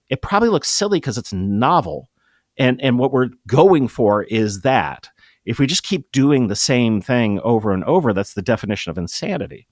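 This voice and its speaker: A middle-aged man talking as a guest in an interview, explaining with emphatic, lively energy. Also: mid-range voice, dry recording, studio quality. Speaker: guest, improv comedy producer. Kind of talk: conversational interview.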